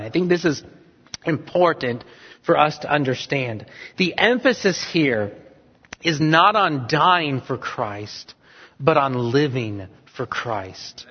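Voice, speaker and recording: A male pastor preaching an earnest sermon, driving points home with repeated questions. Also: a little high. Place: church sanctuary. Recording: dull sound with long hall reverb.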